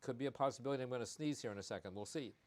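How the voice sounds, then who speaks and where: A male veterinarian hosts a live-streamed pet health talk. His voice sits at an ordinary middle pitch for a man, and he talks in a folksy, conversational way, often repeating his key warnings. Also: very fast, darkish tone. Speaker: veterinarian host.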